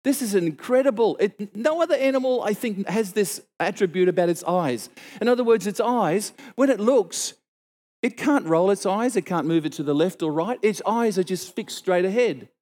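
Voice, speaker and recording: A middle-aged man preaching, telling a story and acting out the dialogue with sudden exclaimed lines. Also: moderate pace. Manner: animated, acts out dialogue with sudden high exclamations. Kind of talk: storytelling sermon.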